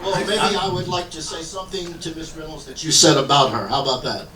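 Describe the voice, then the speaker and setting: A man's voice: on the high side, fairly even intonation, brisk. A man interviewing on stage, asking friendly questions and paying compliments. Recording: echoey room, far off, crowd.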